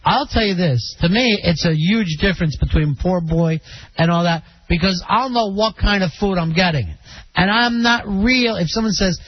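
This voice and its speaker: A man's voice: sits high, moderate pace. A man hosting a call-in radio show, chatting casually and joking with callers. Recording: dull lo-fi radio broadcast.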